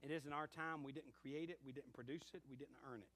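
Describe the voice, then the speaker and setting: A man's voice: medium pitch, fast. A middle-aged male pastor preaching a sermon, telling stories and acting out bits of dialogue. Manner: animated storytelling with acted-out dialogue.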